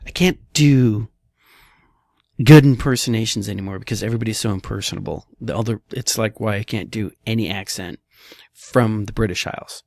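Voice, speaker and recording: A man's voice: on the low side, animated, brisk, gravelly, no room sound, clean studio sound. A man, a real estate broker giving blunt, casual commentary on housing market slides and tossing in "all right" and "okay" often.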